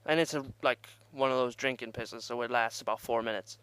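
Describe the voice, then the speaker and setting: A man's voice: mid-range voice, a little fast, a bit bright, smooth, no echo. A young man telling a rambling, profane party story in casual vlog style and laughing at himself. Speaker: vlogger.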